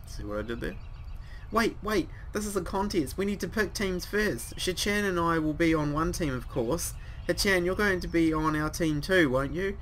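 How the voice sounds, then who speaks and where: A man voicing an excitable, pushy teenage girl in a visual novel, bouncy and eager, his voice pitched up and sing-song. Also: moderate pace, slight background noise. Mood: excited. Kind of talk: reading game dialogue aloud.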